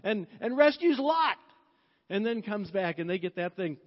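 A man preaching a sermon as pastor, storytelling in a chatty way, laughing often and softening when reflective. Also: sits high, expressive, moderate pace. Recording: dull sound with long hall reverb.

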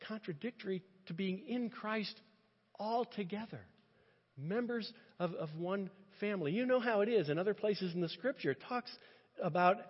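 Male pastor, high lively voice, husky, impassioned sermon, muffled hall reverb. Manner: impassioned, animated, with halting restarts. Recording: muffled sound with long reverb.

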